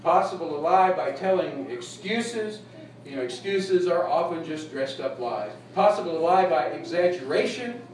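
A male pastor with a fairly high, expressive voice preaches a folksy, humorous sermon at a normal speed, laughing at his own jokes. He's heard from a distance in an echoey room with faint background noise.

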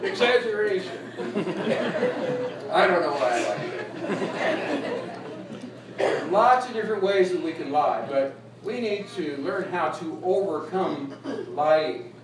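A man's voice: on the high side, lively intonation, slow, long pauses, crowd noise. A male pastor preaching a folksy, humorous sermon, heard from a distance in an echoey room with faint noise. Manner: folksy, humorous, laughs at own jokes.

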